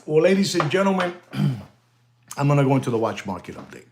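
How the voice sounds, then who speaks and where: A man hosting a live stream, excitable and animated, thanking viewers and mixing in exclamations. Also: a little high, normal speed, gravelly.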